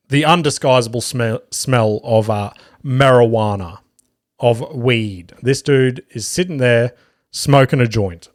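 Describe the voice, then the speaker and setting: A man's voice: mid-range voice, no echo, studio quality. Profane Australian man telling stories. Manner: profane, animated storyteller with acted quotes. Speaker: podcast host. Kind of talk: solo podcast storytelling.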